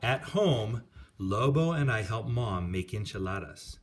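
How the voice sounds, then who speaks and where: A man calmly reading a children's picture book aloud. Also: fairly low pitch, measured pace.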